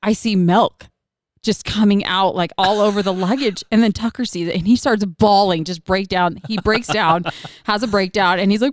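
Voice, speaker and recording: A woman's voice: medium pitch, moderate pace, no echo. A woman in her thirties, a mom telling a chaotic travel story in casual chat, swearing freely and laughing as she goes.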